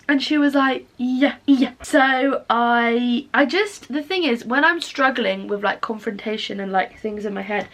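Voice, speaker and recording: A woman's voice: a little high, a bit bright. A young woman chatting casually in a confessional vlog, rambling and self-mocking. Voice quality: tearful. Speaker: vlogger.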